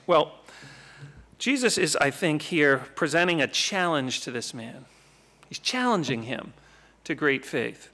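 Bright-voiced man teaching scripture. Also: a little high, measured pace. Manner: conversational, animated, asks rhetorical questions. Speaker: Bible teacher. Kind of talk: Bible teaching talk.

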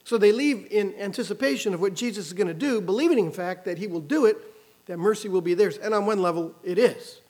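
A man preaching a sermon, expressive, raising his voice when quoting the cries of the people in the story. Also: high voice, fairly quick. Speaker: pastor.

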